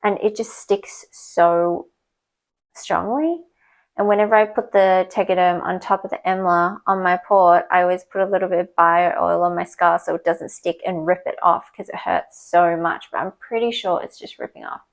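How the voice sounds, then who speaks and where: A woman's voice: fairly low pitch, moderate pace, poor audio. A young woman talking casually to camera, telling a candid personal story and retelling conversations. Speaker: vlogger. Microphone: small clip or desk mic, sometimes knocked.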